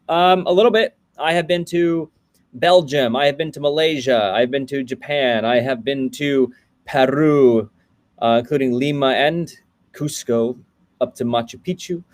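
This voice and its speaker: A man's voice: medium pitch, normal speed, darkish tone. Chatty man hosting a coding livestream. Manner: greets viewers by name, loose and chatty. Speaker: livestream host, coding coach. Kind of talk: casual livestream chat.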